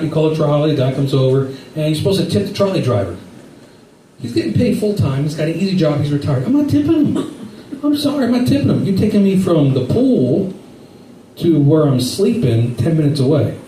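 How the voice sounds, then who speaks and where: A man's voice: a little high, mellow, echoey room, far from the mic, slight background noise, rough recording. A middle-aged man doing a rambling, self-deprecating stand-up set, acting out quotes along the way. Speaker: stand-up comedian.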